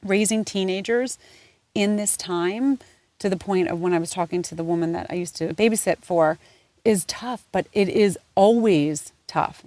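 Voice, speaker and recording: A woman's voice: lowish voice, darkish tone, dry recording. A woman in her forties hosting her own podcast, talking candidly and earnestly, rambling with fillers and swearing freely. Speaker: podcast host.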